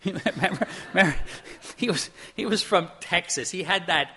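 A man's voice: high-pitched, fairly quick, bright, forceful tone. A man from Pennsylvania preaching a sermon as a pastor, talking in a conversational way with rhetorical questions, acting out quotes and often repeating words as he restarts.

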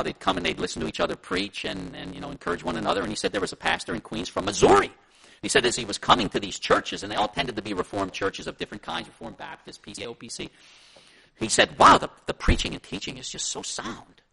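A man with a Pennsylvania Dutch accent, teaching a Sunday school class as its pastor. His voice is high, very gravelly and bright, and it swings up and down with lively energy. He rambles from anecdote to anecdote in an easy, conversational way. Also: fast talker, rough recording.

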